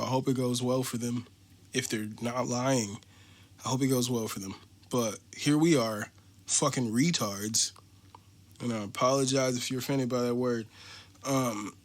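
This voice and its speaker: An American man hosting a podcast, ranting in a casual, profane, mocking way. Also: medium pitch. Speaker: podcast host.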